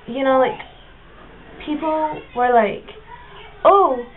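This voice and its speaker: A woman's voice: a little high, normal speed. A seventeen-year-old girl chatting in a rambling, filler-heavy vlog. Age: teens, seventeen. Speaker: vlogger. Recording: tinny lo-fi camera audio with faint hiss.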